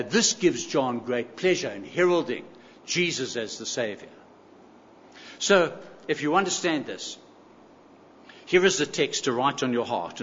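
A man's voice: medium pitch, fairly bright tone, slight background noise. A man preaching a sermon, emphatic, repeating key phrases and asking the congregation rhetorical questions. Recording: echoey hall, slightly dull sound.

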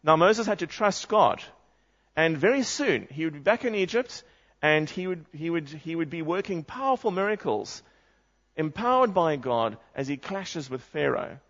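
Earnest preacher, muffled sound. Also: male voice, a little high, very animated, moderate pace, fairly bright tone. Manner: earnest, reads scripture aloud and asks the congregation questions. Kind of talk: sermon.

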